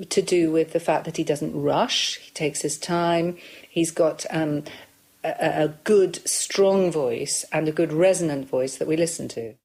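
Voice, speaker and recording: A woman voice coach explaining how voices work in a measured, thoughtful way. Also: low-pitched, a little mellow. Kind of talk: explanatory interview talk.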